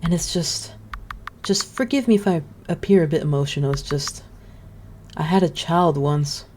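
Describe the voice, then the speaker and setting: A woman voicing a gentle, lonely and motherly forest witch from a video game, speaking slowly in a sweet, coaxing way. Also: deep voice, slight background noise, close to an everyday voice. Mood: tender. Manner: soft, slow and sweetly coaxing. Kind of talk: reading game dialogue aloud.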